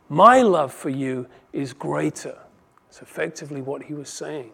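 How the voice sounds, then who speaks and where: A male pastor preaching with conviction, his voice pitched slightly above the usual male range. He builds to forceful peaks and then falls quiet to let key lines land. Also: measured pace, creaky. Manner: impassioned, rising and falling in volume for emphasis. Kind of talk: sermon.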